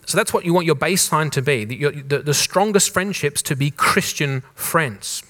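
A pastor from Australia preaching a conversational sermon, with a mild Australian accent softened toward neutral English, repeating rhetorical questions and restarting phrases. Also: male voice, a little high, animated, normal speed, few pauses. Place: church in Germany.

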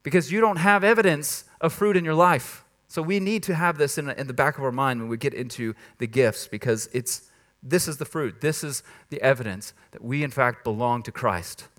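A man's voice: mid-range voice, normal speed, fairly bright tone. A man preaching a sermon in a church, talking in a conversational, emphatic way and laughing at himself now and then. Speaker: pastor.

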